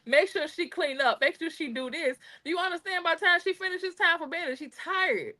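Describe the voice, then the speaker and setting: A woman's voice: extremely high pitch, a little fast, pushed and bright. A woman co-hosting a casual podcast chat, talking bluntly and animatedly and swearing freely. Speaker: podcast co-host.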